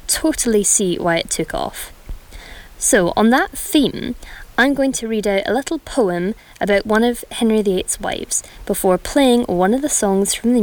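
A woman's voice: mid-range voice, low-quality recording. A woman hosting a radio show, chatting about a musical and reading a rhyming poem aloud. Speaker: radio host.

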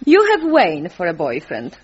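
A woman's voice: lowish voice, huge pitch swings, moderate pace, breathy edge, exaggerated voice. A woman voicing a tall, scheming, glamorous woman, talking in a sly, arch way. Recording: dull lo-fi sound.

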